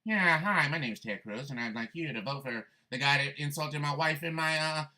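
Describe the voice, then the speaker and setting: A man's voice: a little high, moderate pace, pushed and bright. A radio host voicing a meek, awkward male politician who hesitantly stumbles while asking for votes. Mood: sheepish. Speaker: radio host doing an impression.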